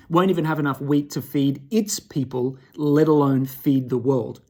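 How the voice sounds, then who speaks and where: A man talking casually to camera in a rambling, emphatic way, often turning to the viewer with "right?". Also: fairly high pitch. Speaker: vlogger.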